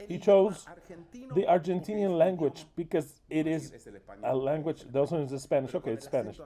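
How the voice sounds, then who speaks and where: A man's voice: on the high side, normal speed, mellow. A man giving an English voice-over interpretation of a sermon, crude, scolding and emphatic.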